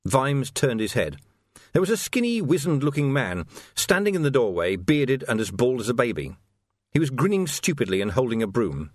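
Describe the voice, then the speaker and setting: A man's voice: medium pitch, big pitch swings, fairly quick, dry recording, clean studio sound. A man narrating an audiobook expressively, acting out the characters.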